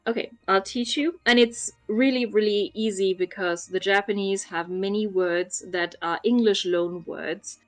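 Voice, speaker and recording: Slow, patient woman explaining. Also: mid-range voice, fairly even intonation, soft background music. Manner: patient, teacherly, many ums. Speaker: guest explaining Japanese Christmas. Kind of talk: casual chat.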